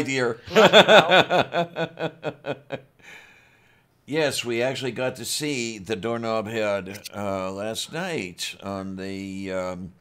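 A man's voice: on the low side, a bit bright. A man in casual live stream chat, playful and greeting viewers, laughing easily.

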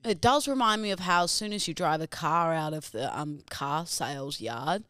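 A woman's voice: low voice, moderate pace, a bit bright, no room sound, studio quality. A woman, co-hosting a podcast in playful, teasing casual chat. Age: 20s. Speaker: podcast co-host.

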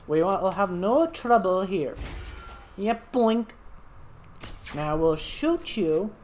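A man chatting his way through a game session, playful and talkative, joking with the animals on screen and then working through his plans out loud. His voice sits at a medium pitch, with a little faint noise in the background. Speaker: gaming channel host. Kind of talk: casual gameplay commentary.

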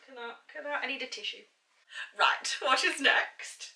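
A woman's voice: high-pitched, normal speed, vocal fry, bright, forceful tone, reverberant, far from the mic, slight background noise. A woman unboxing beauty products, chatty and self-mocking, reading product blurbs aloud. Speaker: beauty vlogger. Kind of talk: casual unboxing chat.

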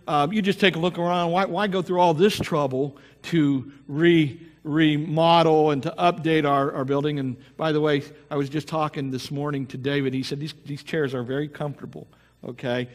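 A man preaching a sermon as pastor, reading scripture aloud with his own asides and praying in a soft voice. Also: fairly high pitch. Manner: reads scripture aloud with asides, then prays softly. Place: church sanctuary. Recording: church hall reverb.

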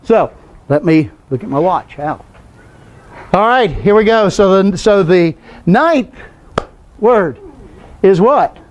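With a high, animated voice, this Bible study teacher speaks slowly and pauses often, and the highs in the audio are cut off. He leads the class conversationally, posing questions and frequently answering them himself.

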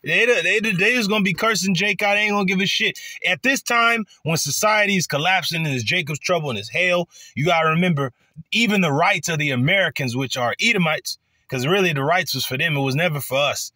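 Man, fiery profane sermon, bright tense voice, acts out voices, dry close sound. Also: sits high, a little fast, no room sound. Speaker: street preacher. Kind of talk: profane scripture preaching.

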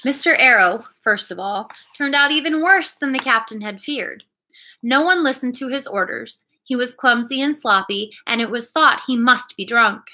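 Brief: woman reader, clear storytelling delivery, bright voice. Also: fairly high pitch, normal speed. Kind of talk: reading a children's storybook aloud.

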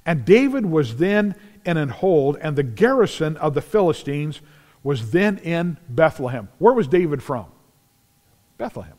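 In a big church sanctuary, a pastor preaches a sermon at a measured pace, his fairly high voice swinging up and down as he animatedly acts out Bible stories. He shouts at the climaxes, and long reverb follows each phrase.

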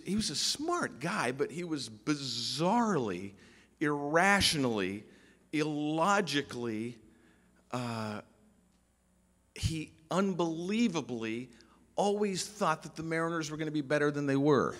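A man's voice: a little high, big pitch swings, a bit bright. Man telling stories at a memorial, echoing hall. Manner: storytelling with humor, restarts and emphatic pauses. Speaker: eulogist speaking at a memorial. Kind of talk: anecdotal memorial speech. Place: large pavilion hall. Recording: long hall reverb.

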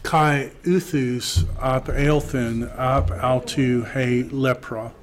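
Male teacher, slow and deliberate, working through a Greek text in class. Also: medium pitch, fairly even intonation. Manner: slow, reads Greek aloud then translates. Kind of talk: classroom lecture.

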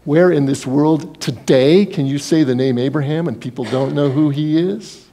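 A man preaching a sermon as pastor, telling Bible stories in a lively way and acting out the people in them. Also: fairly high pitch, moderate pace. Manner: storytelling, acts out Bible scenes in quoted voices.

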